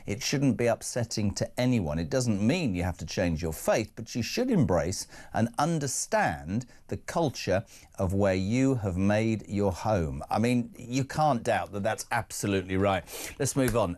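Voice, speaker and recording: A man's voice: fairly low pitch, expressive, moderate pace, a little mellow. A man hosting a live breakfast talk radio show, chatty with wry asides while reading out listener messages.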